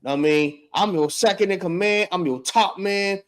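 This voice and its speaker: A man's voice: high voice, normal speed, voice pushed up, natural voice. Man playing a panicked official begging his master, slangy, pleading. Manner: pleading, slangy street talk. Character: desperate male royal official begging for life.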